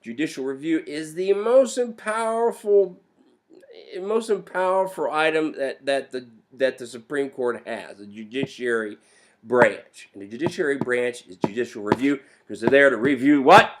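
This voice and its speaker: A man giving a lively, playful classroom lecture on history, joking with students in slang. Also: medium pitch, normal speed. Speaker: history teacher.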